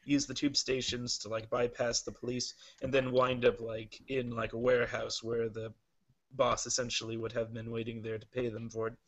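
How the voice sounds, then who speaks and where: A man narrating a tabletop role-playing game as game master, halting with many fillers. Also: medium pitch, level tone.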